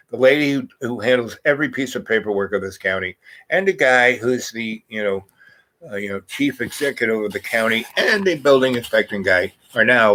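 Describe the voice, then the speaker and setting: Male vlogger, mid-pitched, loose storyteller who wanders and restarts his sentences, heavy on "you know" and "like". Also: sharp tone, rough recording. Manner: meandering, many fillers and restarts. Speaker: vlog host. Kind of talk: rambling personal storytelling.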